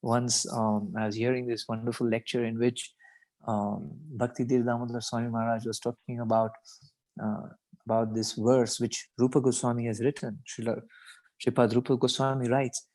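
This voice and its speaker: A man speaks in a reflective devotional talk at a scripture reading. His voice is mellow and dark in tone. He talks thoughtfully, wanders between points and often fills with "you know". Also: mid-range voice, little pitch movement, moderate pace, low-quality recording. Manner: thoughtful, rambling, many "you know" asides.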